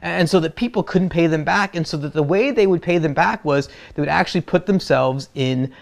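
A man's voice: fairly high pitch, fairly quick, vocal fry. A man preaching a sermon, who retells the story in a casual, humorous way. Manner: conversational and humorous, acts out quotes. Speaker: pastor.

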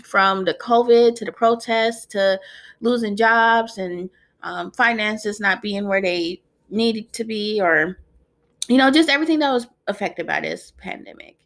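A woman in her twenties hosting her own podcast, talking in a heartfelt, emotional way with many pauses, near tears. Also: mid-range voice. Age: 20s. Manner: emotional, heartfelt, soft-spoken with frequent ums. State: tearful. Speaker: podcast host. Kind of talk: personal podcast monologue.

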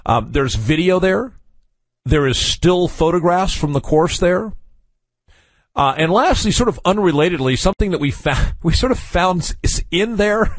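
A man's voice: a little high, no echo. A man hosting a radio talk show, chatting casually in a wry, opinionated way with chuckles and asides. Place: radio studio.

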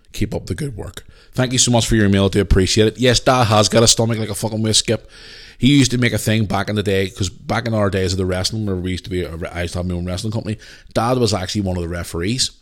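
A man hosting a podcast, chatting casually and telling animated, swear-filled stories. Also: fairly low pitch. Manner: animated, swears freely, excitable. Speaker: podcast host. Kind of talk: casual chat, storytelling.

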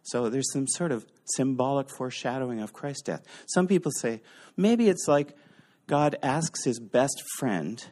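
A man teaching a casual Bible lecture, lively and thinking aloud with fillers and restarts. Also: medium pitch, unhurried.

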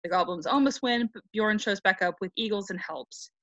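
A woman's voice: mid-range voice, brisk, dry recording. Woman, casual podcast chat, irreverent and sweary, dry slightly muffled recording. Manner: irreverent, joking retelling. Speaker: podcast co-host.

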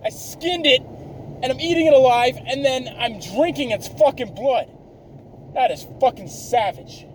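A man's voice: extremely high pitch, a little slow, a little hiss or hum, low-quality recording. Swearing, ranting man in his thirties. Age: 30s. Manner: ranting, swears constantly, self-mocking. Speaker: podcast host. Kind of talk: profane rambling monologue.

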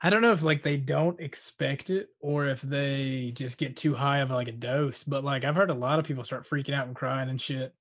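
A man in casual chat, teasing his friends with quick reactions and lots of "bro" and "dude". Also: medium pitch, fairly even intonation.

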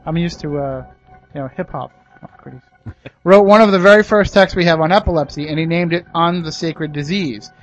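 A man's voice: a little high, brisk, highs cut off, faint music behind. A man hosting a casual talk show, reading news stories aloud and adding his own opinions and jokes. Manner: chatty, adds personal opinions and jokes.

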